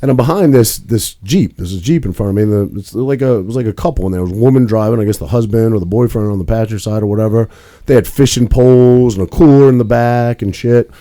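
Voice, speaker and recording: A man's voice: on the low side, quick pace, dark tone. A young man co-hosting a podcast, telling a rambling story in casual chat with plenty of swearing. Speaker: podcast co-host.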